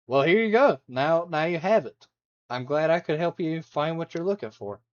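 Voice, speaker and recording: A man's voice: on the high side, animated, moderate pace, dull audio. A man chatting casually on a live stream while reacting to videos, rambling, laughing and humming along.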